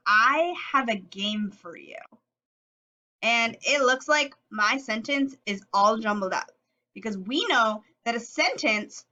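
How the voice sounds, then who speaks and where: A woman leads a phonics lesson for young children, drawing each word out slowly and sounding it letter by letter. Her voice sits a little high and comes across bright and clear. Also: lo-fi sound. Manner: slow, stretched-out sounding of letters and words. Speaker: teacher.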